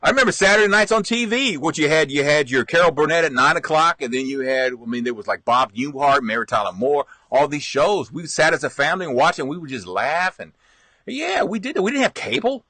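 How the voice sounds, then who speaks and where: With a fairly high pitch and a slightly fast delivery, a middle-aged man hosts a stream, and the recording has no room sound. His reminiscing rambles along casually, full of laughter, energy and frequent restarts.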